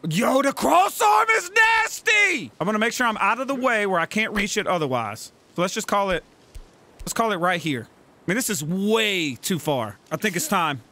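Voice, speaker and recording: A man giving excitable, profane gameplay commentary, yelling at and coaching his game character. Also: sits high, fairly quick. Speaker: let's play gamer.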